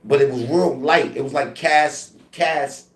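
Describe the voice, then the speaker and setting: A man's voice: fairly high pitch, a little slow, reverberant. A man telling a story from prison in a casual, profane way, acting out the sounds with lots of "you know what I mean". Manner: animated, profane, acts out voices and sounds, many fillers.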